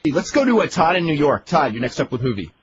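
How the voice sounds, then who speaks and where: A man hosting a radio talk show, asking casual, quick follow-up questions. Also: fairly high pitch, sing-song, crowd noise. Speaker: radio host. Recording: dull lo-fi radio audio with faint hiss.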